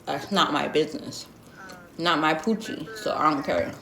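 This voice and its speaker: A woman's voice: sits low, moderate pace, background noise. A young woman telling a storytime vlog in a blunt, sassy, slangy way, full of asides. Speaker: vlogger. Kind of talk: storytime vlog, casual gossip. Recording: roomy echo.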